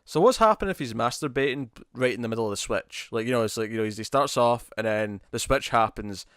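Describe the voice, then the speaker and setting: A man's voice: medium pitch, expressive, fast talker, a bit bright, clean tone, dry recording, studio quality. Chatty man riffing on movie trailers. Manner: rambling, chatty, frequent restarts and laughs. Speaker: podcast co-host. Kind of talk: casual movie trailer chat.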